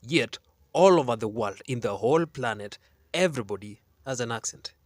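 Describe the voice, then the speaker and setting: A man's voice: medium pitch, lively intonation, moderate pace, dry recording. A man from Kenya with a Kenyan accent, hosting a show and giving opinionated, argumentative commentary full of rhetorical questions. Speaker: show host.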